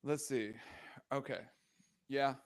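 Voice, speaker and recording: A man's voice: mid-range voice, takes it slowly, smooth, dry recording. A man co-hosting a casual sports podcast, ranting, swearing and exasperated as he talks through the news. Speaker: podcast co-host.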